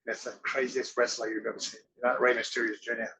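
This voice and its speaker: A man's voice: mid-range voice, level tone, quick pace, creaky, pushed and bright, poor audio. A man, a guest in a casual interview, rambling through stories and acting out the voices of the people he quotes. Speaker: interview guest, former wrestler and actor.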